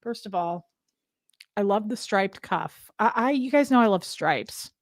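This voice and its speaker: A woman's voice: mid-range voice, expressive, measured pace, no room sound, clean studio sound. A woman hosting a casual livestream, rambling from topic to topic and greeting viewers by name. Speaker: livestream host. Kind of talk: casual live chat with viewers.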